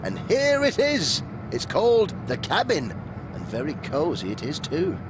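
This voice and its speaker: A man presenting a children's show, reading a storybook aloud in an expressive, animated way. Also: on the high side, unhurried, noisy background.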